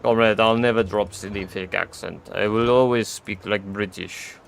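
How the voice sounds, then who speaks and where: A man's voice: on the low side, fairly even intonation, moderate pace, creaky, noisy background. A man putting on a mock Russian-accented comrade. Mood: mock defiant.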